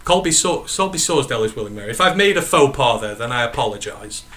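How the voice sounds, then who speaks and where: A man's voice: mid-range voice, expressive, fast talker, a bit bright. A man with a northern English accent hosting a casual sports podcast, rambling and correcting himself as he answers live chat questions. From northern England. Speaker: podcast host.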